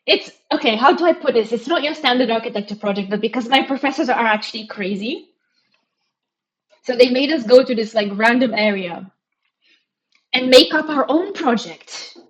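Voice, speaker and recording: A woman's voice: fairly high pitch, moderate pace, muffled recording. A young woman from Romania with a mixed Romanian and British accent, chatting casually and rambling with frequent giggles as a live streamer. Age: young adult. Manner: giggly, rambling, self-mocking.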